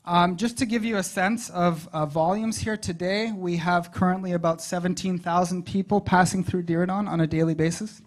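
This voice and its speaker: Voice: mid-range voice, steady tone, moderate pace, few pauses. A presenter giving a conversational talk at a public advisory meeting, stopping to ask the audience questions. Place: meeting room.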